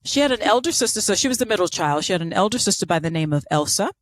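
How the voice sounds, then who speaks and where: A woman's voice: medium pitch, animated, racing, dry recording. A woman co-hosting a podcast, telling a story in casual chat with sarcastic asides and lots of fillers. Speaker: podcast co-host.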